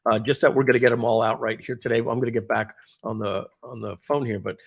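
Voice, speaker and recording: A man with a New York accent hosting a live online session, chatting as he demos software and growing excited about the tools. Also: mid-range voice, fast talker, gravelly, breathy edge. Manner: chatty, thinks aloud, grows excited over tools. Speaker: webinar host.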